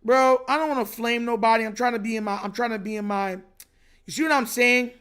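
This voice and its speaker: Young male streamer, very high pitch, frustrated slangy rant. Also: brisk, a bit bright, clean tone. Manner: frustrated, repetitive, slangy, says bro constantly. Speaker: livestream host reacting to a football game. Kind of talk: casual livestream rant.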